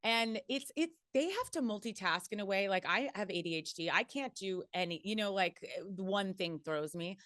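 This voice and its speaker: A woman in her forties, a guest in a casual chat, telling stories in an animated way, swearing and laughing often. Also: medium pitch, moderate pace, hardly any pauses, no echo, clean studio sound.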